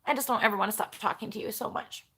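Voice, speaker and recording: Bright-voiced chatty woman on a live stream. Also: mid-range voice, rapid-fire, husky. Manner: chatty and rambling, jumps between topics, talks straight to viewers. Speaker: vlogger hosting a live stream. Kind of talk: casual live-stream chat, reading viewer comments.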